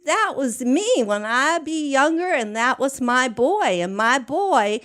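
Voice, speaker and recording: A woman's voice: high voice, expressive, slow, fairly bright tone, pitched above the performer's own voice, exaggerated voice. A woman voicing a poor, devout middle-aged woman who scolds emphatically and uses nonstandard grammar. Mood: insistent.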